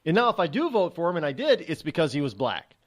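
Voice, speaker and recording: A man's voice: on the high side, quick pace. A middle-aged man hosting a talk show, delivering an opinionated, sarcastic monologue and acting out the voices of others. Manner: animated, sarcastic, acts out quoted voices. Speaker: radio talk show host.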